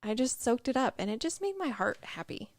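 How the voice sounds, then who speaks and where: Middle-aged woman co-host, chatty, laughs a lot, gravelly voice, dry close sound. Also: a little high, sing-song, a little fast, no echo. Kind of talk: casual chat.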